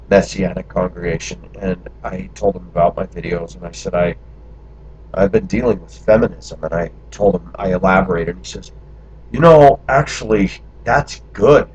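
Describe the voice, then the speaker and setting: A man's voice: sits low, fairly even intonation, moderate pace, darkish tone, slight background noise. A man from the United States telling personal memories in a candid monologue, talking through them in long run-on stretches. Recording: dull lo-fi recording.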